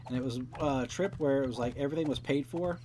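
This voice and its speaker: A man's voice: medium pitch, fast talker, background noise. A young man hosting a game let's play, rambling casually, swearing often and acting out quoted dialogue. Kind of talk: casual rambling commentary while playing.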